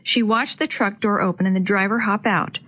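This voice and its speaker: A woman reading a chapter book aloud to children as host, with clear, expressive storytelling. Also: medium pitch, normal speed.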